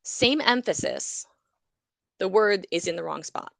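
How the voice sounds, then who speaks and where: Delivering a university lecture on psychology, a woman who speaks English natively uses a medium-pitched, gravelly, creaky voice at a slightly slow pace. She brings the material to life by acting out small examples. The recording is close and dry, free of room sound.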